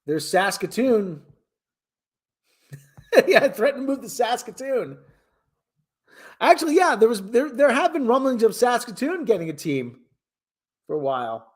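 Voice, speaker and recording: A man's voice: very high-pitched, big pitch swings, measured pace, long pauses. A man from the Hartford area hosting his own show, ranting in a casual, exasperated, rambling way with many restarts. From Connecticut, Hartford area. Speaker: host. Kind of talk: casual rambling sports commentary.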